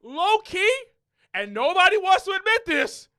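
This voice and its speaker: A man co-hosting a podcast in casual chat, animated, building up his points and repeating key phrases. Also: very high-pitched, a little slow. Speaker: podcast co-host.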